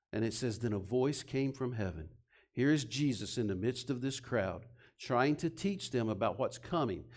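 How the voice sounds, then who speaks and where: Impassioned preacher man, hushed to urgent. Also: a little high. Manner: swings from loud urgent emphasis to hushed, near-whispered intimacy; reads and retells scripture with heavy pauses. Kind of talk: sermon.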